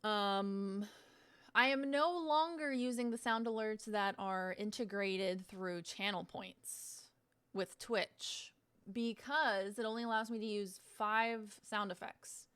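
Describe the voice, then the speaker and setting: A woman's voice: mid-range voice, steady tone, takes it slowly, fairly bright tone, smooth. A woman streaming on Twitch, chatting casually as she sets up, rambling, swearing freely and poking fun at herself.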